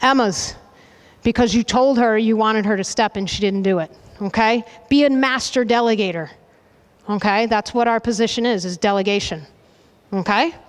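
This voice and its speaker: A woman soccer coach leading a goalkeeping demonstration with players, brisk and directive, checking in with a constant "okay?" and loudly calling out commands. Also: a little high. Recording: reverberant hall, voice from a distance.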